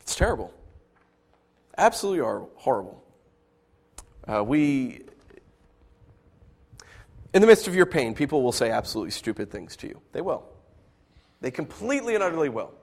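A man preaching a sermon, acting out quoted voices and swinging from loud outbursts to quiet asides. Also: mid-range voice, very animated, moderate pace, vocal fry, pauses often, slightly rough. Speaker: pastor.

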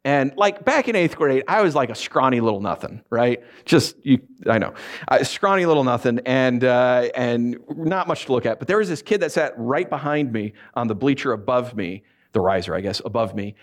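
A man preaching a sermon, telling stories in an animated way, acting out voices and laughing often. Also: mid-range voice, moderate pace. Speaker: pastor.

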